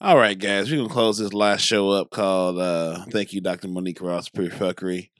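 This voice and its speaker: Low-voiced man hosting a casual podcast. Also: steady tone, a little fast. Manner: loud, teasing banter with slang. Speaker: podcast host. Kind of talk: casual chat.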